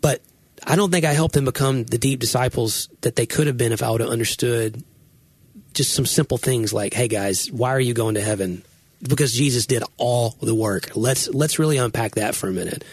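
A man's voice: medium pitch, fairly quick, breathy edge, no echo. A man who is a pastor, hosting a podcast and talking in an earnest, reflective way with frequent restarts. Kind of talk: casual podcast conversation.

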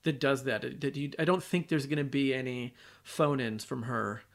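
A man's voice: mid-range voice, fairly even intonation, normal speed, vocal fry. A man co-hosting a casual film podcast, easygoing, laughing often and leaning on "like". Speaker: podcast co-host.

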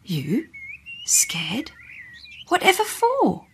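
A woman reading a storybook voices a small, shy girl dinosaur who sounds timid and a little breathless, yet friendly. Her bits come out light and high at times. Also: wildly swooping pitch, extremely slow, a little hiss or hum, heavily acted.

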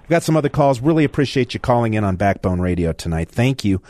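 A man's voice: mid-range voice, very animated, fast, darkish tone. A man hosting a talk radio call-in show, talking bluntly and with indignation to his callers. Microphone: studio microphone.

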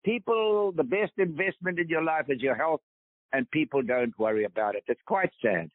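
A man's voice: a little high, moderate pace, no room sound. Man, 80s, South African accent, emphatic interview guest; dry, phone-quality sound. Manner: emphatic, preaching. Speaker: guest, veteran golfer. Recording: tinny phone line, dry.

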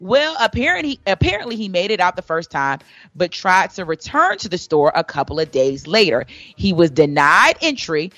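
A woman reads the day's celebrity gossip as a radio host, chatty and quick to laugh. Her pitch swoops widely. The sound is close and dry. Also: sing-song, a bit bright, dry recording, soft background music. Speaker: radio entertainment news host. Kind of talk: radio gossip news segment.

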